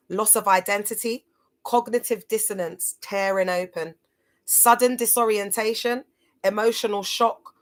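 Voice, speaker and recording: A woman hosting a motivational livestream, speaking earnestly to her viewers and reading from her notes. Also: medium pitch. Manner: earnest, reads from notes, addresses viewers as guys. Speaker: livestream host.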